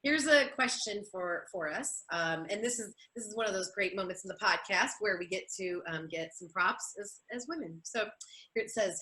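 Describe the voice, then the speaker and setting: A woman's voice: medium pitch, animated, moderate pace, bright, forceful tone, poor audio. A woman hosting a podcast interview who affirms her guest in a conversational way and reads out listener questions. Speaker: podcast host.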